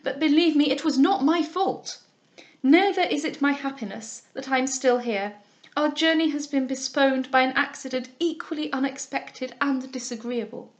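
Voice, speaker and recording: A woman reading a classic novel aloud, arch and playful in her asides. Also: high voice. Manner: arch and playful when chatting.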